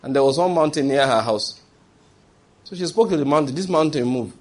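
A man's voice: fairly high pitch, expressive, fairly quick. A man preaching a sermon, asking rhetorical questions and answering them himself with emphatic repetition.

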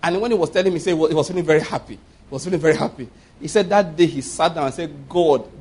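Guy in his 50s preaching, kinda husky and a bit high, keeps hammering points home. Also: darkish tone. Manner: emphatic, repeats points and checks listeners follow. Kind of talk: sermon.

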